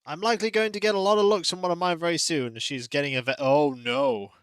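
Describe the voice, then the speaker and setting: A man, a livestreamer, chatting casually and greeting viewers by name in a relaxed, playfully formal way from his home. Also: fairly high pitch, fast talker, smooth, no echo. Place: home room.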